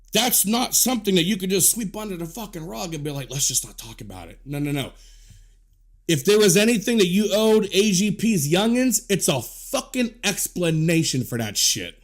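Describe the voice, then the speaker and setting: A man delivering a heated, profanity-filled rant to camera, scolding and repeating himself. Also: sits high. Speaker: commentator.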